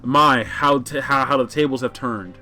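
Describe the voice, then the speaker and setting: A man voicing a sardonic teenage girl, in a measured, wordy manner. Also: medium pitch, bright, forceful tone, soft background music. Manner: measured, wordy, self-deprecating.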